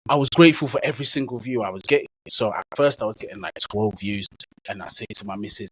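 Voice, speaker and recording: A man's voice: lowish voice, fast talker, slightly rough, no room sound, rough recording. Laid-back man telling stories. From England. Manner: easygoing, slang-heavy storyteller. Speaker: guest, football content creator. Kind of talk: casual storytelling interview.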